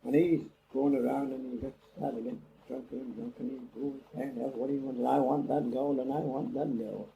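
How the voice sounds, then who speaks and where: A man's voice: medium pitch, fairly even intonation, brisk, creaky, hardly any pauses, phone-quality sound. An older man, telling a rambling oral-history story and acting out the dialogue. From England. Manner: rambling, acts out quoted dialogue. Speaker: interviewee. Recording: old cassette interview with faint hiss.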